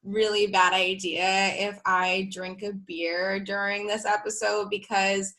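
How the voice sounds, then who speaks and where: Hoarse, bright-voiced woman in her late twenties. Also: medium pitch, level tone, a little slow. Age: late 20s. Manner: giggly, chatty. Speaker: podcast co-host. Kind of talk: casual live-stream chat. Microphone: built-in laptop mic.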